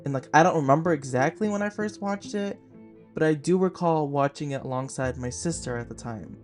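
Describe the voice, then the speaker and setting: A man's voice: a little high, brisk, faint music behind. A man in his twenties hosting a casual film review podcast. He talks in a chatty, gushing way and uses a lot of "like" fillers. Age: 20s. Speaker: podcast host.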